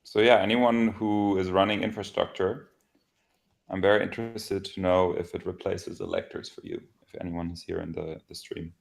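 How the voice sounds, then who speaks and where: Low gravelly guy on a stream, laid back, laughs a lot, swears casually. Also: steady tone, normal speed. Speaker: developer co-host. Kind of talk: casual livestream chat.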